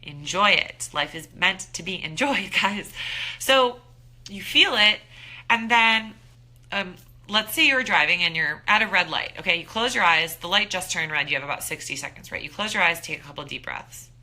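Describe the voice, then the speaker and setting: A woman in her thirties giving an upbeat, animated motivational talk as a wellness coach, acting out her own thoughts. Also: lowish voice, moderate pace.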